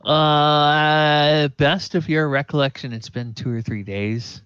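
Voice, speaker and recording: A man's voice: fairly high pitch, fairly even intonation, takes it slowly, fairly bright tone, clear, resonant tone, no room sound. A man running a tabletop game as game master, easygoing and hesitant with fillers, over an online voice call. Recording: dull lo-fi voice-call audio.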